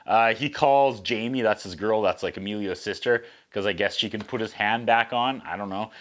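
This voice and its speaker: A man's voice: fairly low pitch, normal speed, fairly bright tone. A man hosting a casual video review, recapping a movie's plot with sarcastic, wry asides. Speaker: host.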